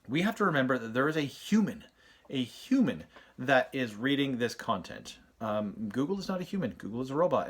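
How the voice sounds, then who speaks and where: Guy chatting on camera about tips, rambly and friendly, lots of ums and restarts, mid pitch. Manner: chatty, storytelling, many fillers and restarts. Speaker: host of an SEO channel. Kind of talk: casual talking-head advice.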